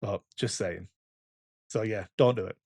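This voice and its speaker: A man's voice: lowish voice, unhurried, a little mellow, slightly rough, no room sound, clean studio sound. Swearing man telling stories. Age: 30s. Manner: rambling storyteller, swears freely. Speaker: podcast co-host. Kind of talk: casual chat.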